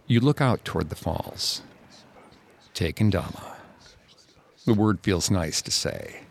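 A man narrating a second-person horror story in a slow, hushed way. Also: low-pitched, lively intonation, vocal fry, breathy edge, in a whisper.

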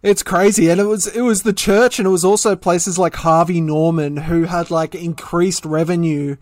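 Higher-voiced Australian man, crude podcast banter. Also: steady tone, moderate pace, darkish tone, no room sound, studio quality. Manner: crude, sweary and playful. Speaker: podcast co-host.

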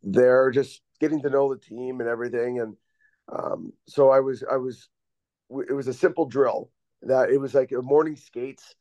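A man who is a guest on a podcast, telling casual stories in a relaxed, rambling way with many fillers over a video call. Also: mid-range voice, normal speed, no room sound. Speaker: guest, former pro hockey defenseman. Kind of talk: casual storytelling. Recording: dull dry lo-fi recording.

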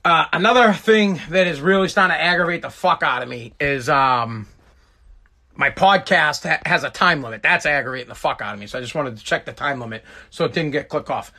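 A man's voice: a little high, fairly quick, pushed and bright. A man hosting a solo podcast, ranting in an exasperated, heavily profane way. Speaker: podcast host.

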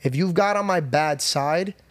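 A man's voice: a little high, a little slow, no echo. A young man hosting a podcast, telling a personal story in a casual, profane way. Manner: casual, swears freely. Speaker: podcast host.

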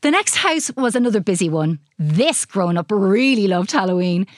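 A woman reading a children's storybook aloud in an expressive, animated way. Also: mid-range voice, moderate pace, no echo.

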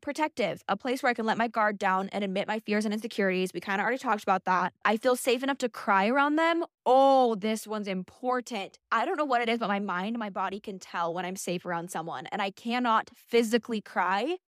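A woman's voice: mid-range voice, brisk, few pauses, dry recording, clean studio sound. A young adult woman hosting a casual monologue podcast, chatty and emphatic with a sassy edge. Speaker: podcast host.

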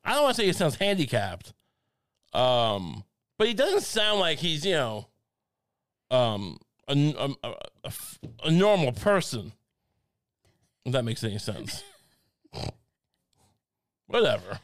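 A man's voice: medium pitch, sing-song, slow, pauses often, fairly bright tone. A man co-hosting a comedy podcast, rambling and stammering through jokes and laughing at his own bits. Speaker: podcast co-host. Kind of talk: casual comedic chat.

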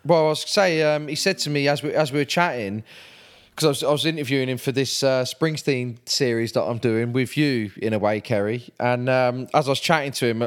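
A man's voice: medium pitch, brisk. Chatty man telling rambling anecdotes. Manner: chatty, rambling anecdotes with playful accent impressions. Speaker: podcast co-host. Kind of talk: casual chat.

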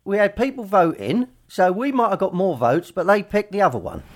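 Man, podcast co-host, high voice, lively pitch, teasing mock-indignant banter. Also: a little fast. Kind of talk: casual banter.

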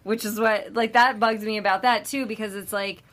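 A woman's voice: mid-range voice, fairly even intonation, moderate pace, fairly bright tone. A woman co-hosting a casual podcast chat, rambling through her points with lots of filler words. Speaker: podcast co-host.

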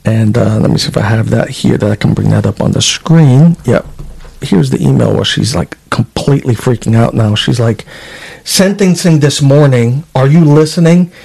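A man's voice: lowish voice, normal speed, creaky, a little mellow, slightly rough. A man who served as a state trooper, talking casually in an interview and reading out emails, with frequent fillers and restarts. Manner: conversational, reads out documents, frequent fillers.

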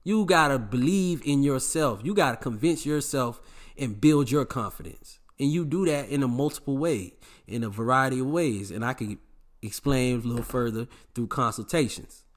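A man giving dating advice to the camera in an emphatic, preachy, repetitive way, full of slang. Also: mid-range voice. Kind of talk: casual advice monologue to camera.

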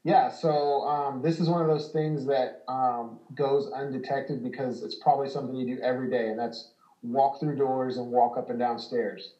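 In an echoey room, a home repair business host talks casually at normal speed in a mid-range voice, explaining with plenty of ums and little laughs. The recording is lo-fi, and his manner is relaxed and filler-heavy.

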